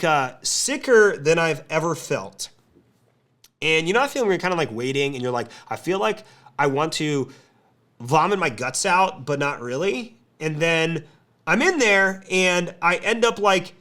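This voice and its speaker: A man hosting a podcast, telling a lively story to a live client community, with a speaking pace that quickens and slows. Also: high voice. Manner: animated storytelling, pace shifts. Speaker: podcast host.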